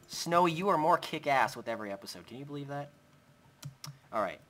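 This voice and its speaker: A man's voice: mid-range voice, lively intonation, fast talker, a bit bright. A young man hosting a Minecraft let's play, chatting casually as he builds and talking to his in-game pet. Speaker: gaming channel host.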